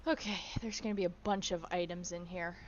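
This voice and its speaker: A woman's voice: fairly low pitch, fairly even intonation, brisk, lo-fi sound, slight background noise. A woman streaming a survival game, chatting casually, swearing freely and cooing at her in-game animals. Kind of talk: casual gameplay commentary.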